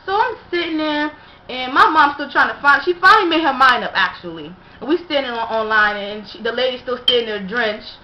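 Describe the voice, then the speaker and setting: A woman's voice: sits high, fairly quick, pushed and bright. A young woman casually telling a story to her viewers, chatty and full of fillers. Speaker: vlogger. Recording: dull echoey room recording with faint hiss.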